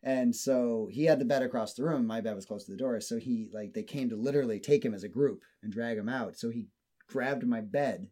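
At a slightly fast clip and medium pitch, a man recounts a long story in relaxed conversation. His telling is lively and full of swearing, and he acts out people's quotes.

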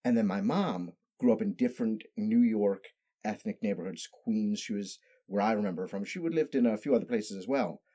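Precise-spoken man, mellow low voice. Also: fairly quick. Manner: precise, carefully placed speech with no regional accent. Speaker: podcast guest, improv actor. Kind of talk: casual storytelling chat.

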